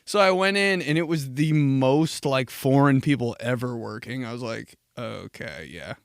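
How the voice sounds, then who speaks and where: A man's voice: medium pitch, normal speed, gravelly, no room sound, clean studio sound. A young man hosting a casual solo podcast, rambling through profane stories and laughing at his own jokes. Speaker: podcast host.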